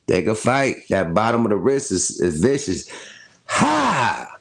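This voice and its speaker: A man's voice: lowish voice, animated, moderate pace. A middle-aged man hosting a casual commentary show, riffing loosely with slang and frequent laughs. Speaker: host.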